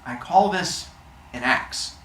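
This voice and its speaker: An awkward, slightly sheepish inventor god, played by a woman, who lays out his odd methods in a hesitant, matter-of-fact way. The voice rises and bounces with lively swings. There is a roomy echo and faint ambience around it. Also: sits low, slow, far from the mic, a little hiss or hum, exaggerated voice.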